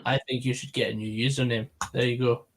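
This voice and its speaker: A man's voice: medium pitch, flat delivery, fast talker, background noise. A man hosting a live football stream, answering viewer questions in casual chat. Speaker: stream host.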